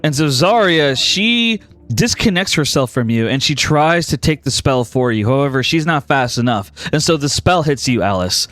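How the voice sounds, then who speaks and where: A man's voice: mid-range voice, expressive, moderate pace, a bit bright, dry recording. A man narrating as game master, guiding players through a tabletop role-playing session.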